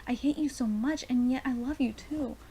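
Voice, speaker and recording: A woman's voice: sits high, normal speed, dark tone, slight background noise, pitched above the performer's own voice. A woman reading the lines of a torn, grieving girl who founded a guild, pleading and then bitterly rejecting. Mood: torn, tender.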